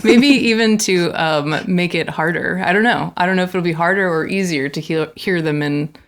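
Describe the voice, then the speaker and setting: A woman's voice: on the low side, moderate pace, a little hiss or hum. A woman with a Southern US accent, a podcast guest playfully running a bird-name quiz with frequent giggles. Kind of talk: casual podcast chat.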